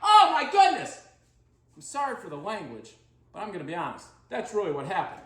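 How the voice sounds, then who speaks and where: In a comedy sketch monologue, a woman plays a dim, clueless, goofy male home-cooking guy who is proud and boastful. Her lively-pitched, slightly fast delivery is deadpan silly with jumpy loudness, heard in an echoey room.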